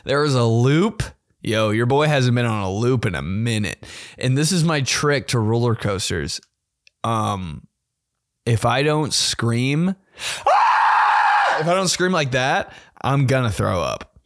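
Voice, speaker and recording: A man's voice: mid-range voice, expressive, a little slow, no echo, studio quality. A young man hosting a podcast, telling a story in a casual, profane, slangy way and laughing often. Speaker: podcast host.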